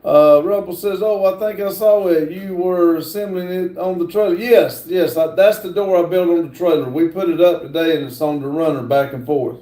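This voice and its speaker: A man hosting a live stream, chatting casually with halting speech and many filler words. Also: high-pitched, warm tone, echoey room. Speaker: livestream host. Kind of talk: casual live chat, reading comments aloud.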